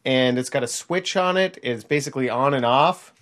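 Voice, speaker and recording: A man, a technology reporter, chatting on air in a small kitchen and explaining things in a relaxed, easygoing way. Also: mid-range voice, normal speed. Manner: chatty, explanatory, laughs easily. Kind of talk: casual on-air chat.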